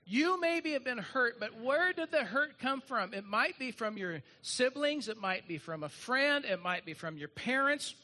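A male pastor preaches a sermon with earnest, emphatic conviction, using repeated refrains to drive his points home. His high voice rings bright and forceful with lively intonation. He speaks a little slowly yet with hardly any pauses.

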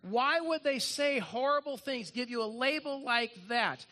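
A man's voice: very high-pitched, expressive, unhurried, pushed and bright. A man preaching a sermon to his congregation, earnest and emphatic, repeating refrains. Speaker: pastor.

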